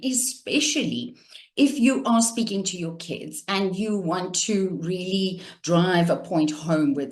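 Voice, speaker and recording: In an instructional talk, a woman communication coach illustrates intonation with her own voice, keeping a measured, deliberate rhythm. She has a low, somewhat mellow voice.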